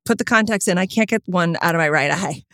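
A woman co-hosting a podcast, telling a story in casual chat, animated and swearing freely. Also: fast, no echo, studio quality. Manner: animated, swearing, big pitch jumps when excited. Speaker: podcast co-host.

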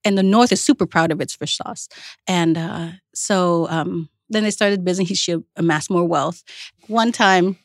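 A woman's voice: on the low side, normal speed, dry recording, clean studio sound. A woman from Vietnam, a chef and restaurant owner, telling stories in a casual interview, acting out quotes and swearing freely. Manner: lively anecdotal, acts out quotes, casual swearing.

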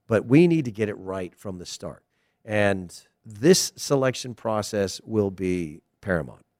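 A man's voice: lowish voice, darkish tone, no room sound, clean studio sound. A middle-aged American man, a former player, giving a digressive, emphatic casual commentary monologue. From United States.

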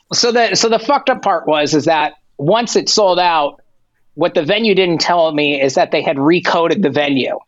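Slightly high-voiced and heard on a dry, dull recording, this Persian-heritage tour manager tells stories as a guest in a casual interview. He's animated and full of filler "like"s and swearing, playing both parts of each exchange he recounts.

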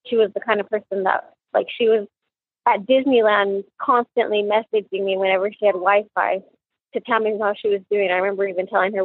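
A middle-aged woman recounting her daughter's last day for a true crime podcast, halting and often repeating words as she quotes what was said. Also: mid-range voice, steady tone, husky, no echo, phone-quality sound.

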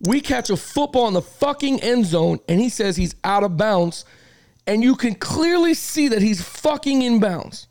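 Man, high gravelly voice, dry close sound, animated cussing storyteller, casual podcast host. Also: no room sound. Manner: animated storyteller, swears a lot, acts out arguments. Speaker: youth football coach. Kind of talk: casual sports podcast chat.

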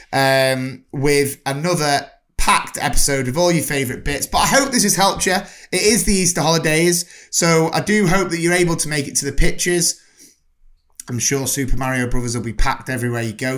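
A man's voice: on the high side, a bit bright. Chatty, enthusiastic male podcast host. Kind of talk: casual podcast sign-off.

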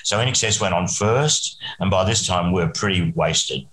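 A man's voice: sits low, moderate pace, fairly bright tone, roomy sound, a little hiss or hum, rough recording. An Australian man, a musician guest, rambling through a story and chuckling often. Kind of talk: casual anecdote telling.

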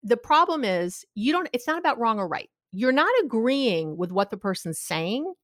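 Animated woman with lively, high-ish voice. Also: moderate pace, no room sound, clean studio sound. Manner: expressive, acts out quoted voices with big swings. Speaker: guest expert. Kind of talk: animated conversational advice.

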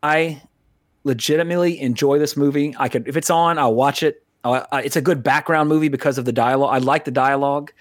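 Talking fast at a medium pitch with fairly even intonation, a man co-hosts a laid-back podcast reviewing films. The recording is dry and studio-clean. He's rambling and profane, frequently breaking off his own sentences.

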